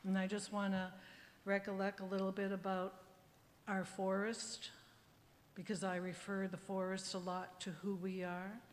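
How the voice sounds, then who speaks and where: A woman elder giving a heartfelt, unhurried ceremonial welcome at a graduation. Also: medium pitch, monotone, a little hiss or hum. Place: large hall at a university graduation ceremony. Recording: livestream audio with hall reverb and faint ambience.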